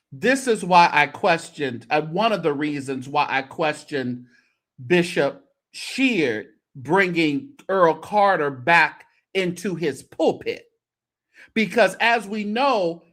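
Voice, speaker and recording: Male host reacting to a clip, drawn-out delivery, exasperated, voice rising and falling a lot. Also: on the high side, animated, fairly bright tone. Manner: exasperated, sarcastic asides. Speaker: host of a church commentary show. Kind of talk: reacting to a clip, casual commentary.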